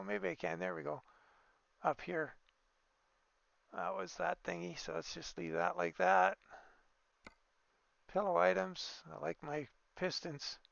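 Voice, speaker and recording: A man's voice: a little high, vocal fry, a bit bright, dry recording, dull audio. A man giving easygoing, casual commentary on a truck-building game, thinking aloud with fillers and small exclamations. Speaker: gaming video creator.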